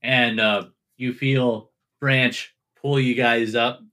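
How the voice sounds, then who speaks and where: Slow, bright-voiced male game master. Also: mid-range voice, flat delivery. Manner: laid-back, laughs often, rambling narration. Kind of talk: narrating a tabletop game.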